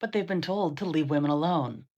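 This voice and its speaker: A woman's voice: low voice, a little fast, mellow, muffled recording. A woman reading scripted commentary in a sarcastic, dismissive way.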